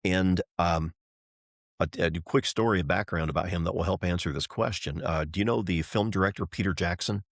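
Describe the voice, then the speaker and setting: Fairly quick and sitting low in pitch, this voice belongs to a middle-aged race driver and entrepreneur telling an animated story as a podcast guest. He acts out the voices of the people he quotes. The recording has no room sound and is clean studio audio.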